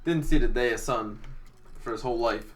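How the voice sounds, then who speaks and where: A man's voice: mid-range voice, a little fast, fairly bright tone. A young man co-hosting a gaming podcast in casual chat, playfully making up a silly story. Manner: playful, improvises silly stories. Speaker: podcast co-host.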